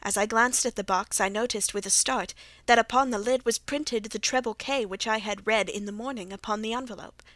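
A woman narrating a classic mystery audiobook in a measured, even storytelling manner. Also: on the high side, no echo. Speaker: audiobook reader. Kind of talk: scripted narration.

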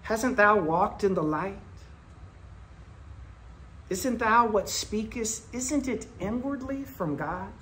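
A man delivering a Quaker sermon in a storytelling manner, moving between loud bursts and soft, low asides. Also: expressive, slow pace, pauses often, a little hiss or hum. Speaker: speaker at a Quaker meeting.

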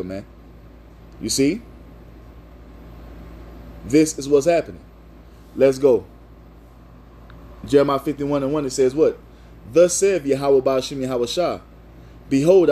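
A man preaching with a warm, mellow tone and a slightly husky edge. He is emphatic and insistent, reads scripture aloud, and keeps punctuating his points with "man" and "you see.". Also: medium pitch. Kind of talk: video sermon with scripture reading.

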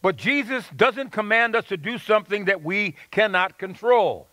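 Male pastor, high voice, dry close sound, earnest sermon with folksy stories. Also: lively intonation, moderate pace, bright, forceful tone, no echo. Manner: earnest preaching with folksy anecdotes and call-and-response.

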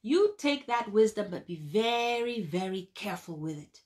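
A woman's voice: medium pitch, big pitch swings, normal speed, darkish tone, natural voice. A woman telling a folk tale and voicing a stern, dignified male god who speaks with grave warning.

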